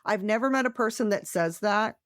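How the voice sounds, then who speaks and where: A woman's voice: mid-range voice, fairly quick, no echo, studio quality. Chatty incredulous woman co-host. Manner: incredulous, chatty, reacting with questions. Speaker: podcast co-host. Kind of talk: casual podcast chat.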